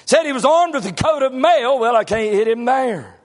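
High-voiced shouting preacher man. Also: animated, normal speed. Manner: folksy, swings between shouting and low asides. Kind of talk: sermon.

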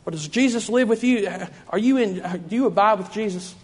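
Husky and brisk, this preacher's voice sits high for a man as he delivers a fervent revival sermon in a church, circling back over the same phrases. The recording carries a long reverb from the hall.

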